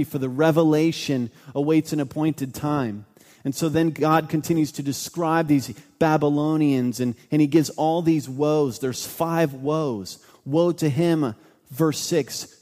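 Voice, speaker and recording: A man's voice: a little high, darkish tone. A man preaching a sermon as pastor, emphatic and repeating his key phrases for weight. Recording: long hall reverb.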